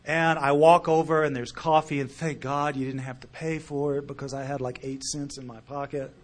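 A middle-aged man speaking to a meeting about his recovery, telling his story earnestly and emotionally, with loudness that rises and falls. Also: fairly high pitch, level tone, normal speed, a little hiss or hum. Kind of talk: recovery talk to a live audience.

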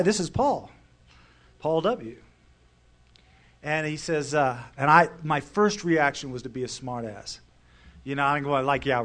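A man's voice: fairly high pitch, a bit bright. A middle-aged man telling his personal story to a recovery meeting audience, in a wry, conversational way.

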